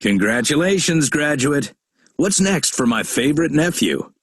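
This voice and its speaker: A man's voice: a little high, big pitch swings, unhurried, slight background noise. A middle-aged man playing a joking, genial uncle in a textbook audio dialogue. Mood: teasing. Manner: warm, teasing, storytelling.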